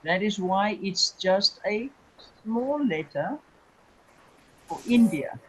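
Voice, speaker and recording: Speaking in an expressive, medium-pitched voice, a Hebrew teacher runs a classroom lecture, slowly repeating every word and patiently making sure students keep up with "okay?" and "remember". The recording is rough, with slight background noise.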